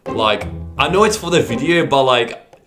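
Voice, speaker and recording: A man's voice: mid-range voice, expressive, normal speed, music in the background. Rambling young-sounding gaming YouTuber man. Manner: rambling, stammering, repeats 'bro' constantly. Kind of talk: casual gaming commentary.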